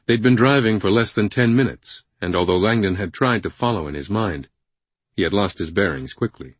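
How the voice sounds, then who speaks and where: A man narrating a thriller audiobook in a measured, suspenseful way on a close studio microphone. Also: fairly low pitch, breathy edge, dry recording.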